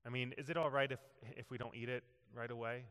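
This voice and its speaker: Timid, shaken woman, soft and halting, voiced by a male preacher, bright tone, hall reverb. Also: medium pitch, close to an everyday voice. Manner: hesitant, halting, quiet. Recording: long reverb of a large hall.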